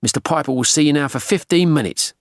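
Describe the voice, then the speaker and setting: Audiobook: narrator as a stern London intercom guard, clipped and raised in pitch. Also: male voice, fast talker, no room sound, clean studio sound, lightly acted. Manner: curt, blunt. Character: stern male gatekeeper on an intercom.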